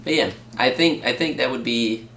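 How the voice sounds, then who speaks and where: A man's voice: medium pitch, moderate pace, creaky, a bit bright. A man co-hosting a guitar shop livestream, chatting loosely and joking at his own expense. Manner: loose, self-mocking, swears casually. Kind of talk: casual chat.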